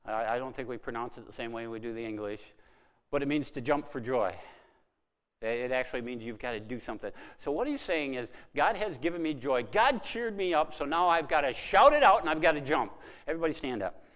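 A middle-aged man preaching a sermon as pastor, animated, swinging from soft asides to loud exclamations. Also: mid-range voice, fairly quick, big-room sound.

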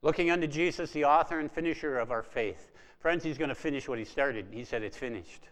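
A man's voice: a little high, a little fast. Preaching man in a reverberant hall. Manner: swings between hushed quoting and rising emphatic preaching. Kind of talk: sermon.

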